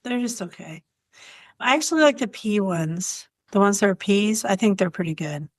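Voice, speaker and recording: A woman from Oklahoma co-hosting a casual gardening podcast, relaxed and responsive with soft asides. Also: mid-range voice, moderate pace, no room sound, clean studio sound. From Oklahoma, USA. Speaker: podcast co-host.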